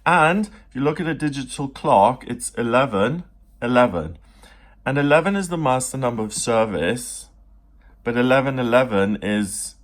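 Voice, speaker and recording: Male tarot reader, mid-range voice, casual and lively, drops into quick character voices. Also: medium pitch. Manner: chatty and animated, acts out little voices for card figures. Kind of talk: casual spoken tarot reading.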